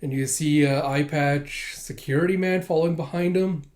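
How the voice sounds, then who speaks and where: A man's voice: fairly high pitch, fairly even intonation, moderate pace, darkish tone. A man giving a casual chapter recap as a manga reviewer, chatty, with frequent laughs and fillers.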